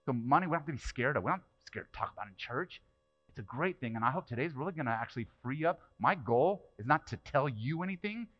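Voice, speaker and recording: A pastor preaches a conversational sermon in church, firing rhetorical questions at the congregation and alternating between loud bursts and hushed asides. His voice is mid-range, and the audio sounds dull.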